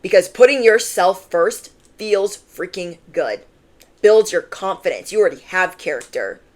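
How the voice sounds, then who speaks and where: A woman's voice: lowish voice, animated, measured pace. A woman giving a channeled tarot reading in an emphatic, chatty way, full of "like" and asides to the listener. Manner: emphatic, conversational, fillers. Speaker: tarot reader.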